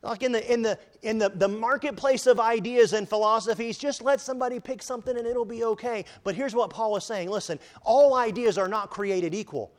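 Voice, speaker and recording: A man preaching a sermon, emphatic, often rising and falling in loudness, quoting scripture in old-fashioned wording. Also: sits high, fairly quick, few pauses. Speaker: pastor.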